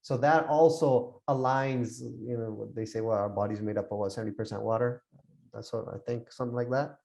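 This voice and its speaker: A man's voice: mid-range voice, fairly even intonation, brisk, gravelly, darkish tone. Man explaining scripture. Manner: mixes English and Punjabi, repeats words while explaining. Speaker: Sikh scripture teacher.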